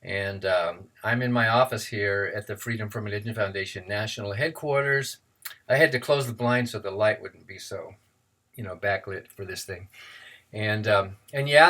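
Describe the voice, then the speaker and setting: A man tells a joke and chats about himself in a relaxed, playful manner. His voice sits at an ordinary middle pitch, and he speaks from his office. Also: normal speed. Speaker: co-president of a freethought organization. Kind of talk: joke telling and casual self-introduction. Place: his office, blinds closed.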